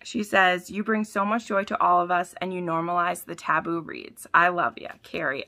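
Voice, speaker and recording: Gushing young woman vlogger, bright voice. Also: fairly low pitch, moderate pace. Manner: gushing, excitable, with gasps and sudden squeals; drops to soft whispers between bursts. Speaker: book vlogger. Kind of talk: casual vlog unboxing.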